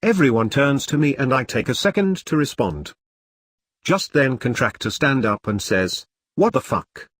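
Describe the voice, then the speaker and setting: A man reading a first-person online story aloud as scripted narration, with a steady read-aloud delivery. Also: medium pitch, moderate pace, no echo.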